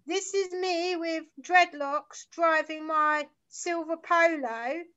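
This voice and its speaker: High, bright-voiced London woman. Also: takes it slowly. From South London, England. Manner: rambling, sweary, enthusiastic storytelling. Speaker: guest musician. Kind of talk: casual chat. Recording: slightly muffled lo-fi sound.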